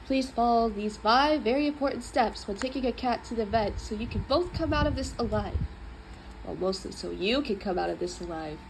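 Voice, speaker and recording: A woman reading a children's book aloud in an expressive, playful way. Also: on the high side, moderate pace, slight background noise, low-quality recording. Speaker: storybook reader.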